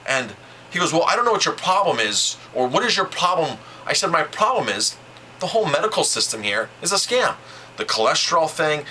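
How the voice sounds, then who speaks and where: A man speaks straight to the camera in a casual, emphatic monologue, retelling what was said with plenty of repetition. His voice is very bright and sharp and swings widely in pitch. A faint steady noise sits under the recording. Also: poor audio. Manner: animated and emphatic, retelling conversations with repeats. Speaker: vlogger.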